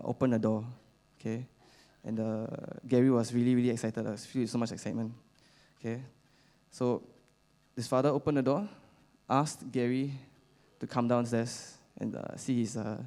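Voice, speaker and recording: A young man with a Singaporean English accent telling a story as a youth church speaker, halting with many fillers and casual slang particles. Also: mid-range voice, mellow. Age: young adult.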